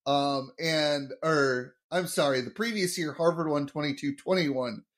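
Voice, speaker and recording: A man's voice: on the high side, measured pace, a bit bright. A man co-hosting a podcast in casual chat, joking, laughing often and explaining sports trivia. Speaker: podcast co-host. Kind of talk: casual episode recap chat.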